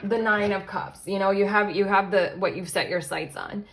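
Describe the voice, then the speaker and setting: A woman's voice: medium pitch, normal speed, a bit bright, slight background noise. Rambling woman giving a tarot reading. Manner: rambling, self-interrupting, frequent fillers and asides. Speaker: tarot reader. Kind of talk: casual pick-a-card tarot reading.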